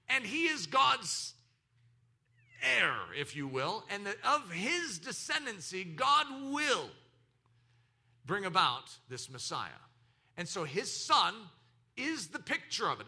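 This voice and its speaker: Man, pastor preaching a sermon, high voice, very animated pitch, dramatic loud and soft swings. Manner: animated preaching with acted laughter and quoted voices.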